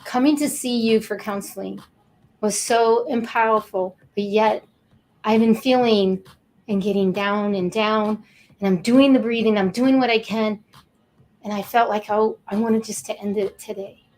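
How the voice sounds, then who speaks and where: A woman's voice: medium pitch, fairly even intonation, unhurried, a little mellow, slight background noise, poor audio. A woman co-hosting a talk show, counseling-minded, speaking emotionally with repeated words and heartfelt emphasis.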